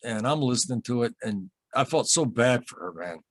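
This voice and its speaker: A man being interviewed as a guest on a podcast, telling an unsettling personal story in an earnest, halting way, often repeating himself and getting emotional. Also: medium pitch, lively intonation, fairly bright tone, dry recording. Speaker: podcast guest, UFO experiencer.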